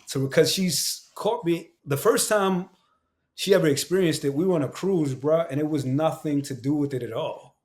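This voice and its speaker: A man's voice: a little high, moderate pace, a little mellow. A man from Queens, an actor and voice actor talking as a guest on a casual podcast, candid and emphatic, with lots of slang and swearing. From Queens, New York.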